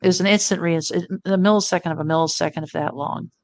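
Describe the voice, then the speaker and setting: A woman's voice: fairly low pitch, steady tone, fast. A middle-aged woman telling a personal story as an interview guest, earnest and reflective. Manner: earnest, reflective, quotes her own thoughts.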